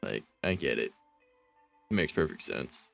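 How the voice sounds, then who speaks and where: A man's voice: very deep voice, sing-song, a little slow, vocal fry, fairly bright tone, faint music behind. A man streaming, reading fanfiction aloud and rambling about it with wry, self-mocking asides.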